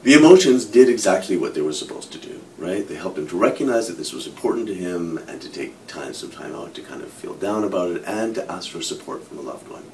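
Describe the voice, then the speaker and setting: A middle-aged man with a lowish voice explains a psychological idea in a lively, animated way, leaning on everyday examples. He sits a little way from the mic, with a faint rumble underneath. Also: fast, hardly any pauses. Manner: animated explaining with hypothetical examples, frequent "kind of". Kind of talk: explanatory talk to camera. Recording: from a distance, faint low rumble.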